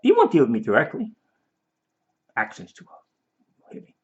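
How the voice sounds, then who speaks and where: His pitch swoops wildly from a fairly high base as he rambles through emphatic video commentary at a moderate pace. The man often repeats and restarts, mock-quoting his opponents. Dull lo-fi audio captures it.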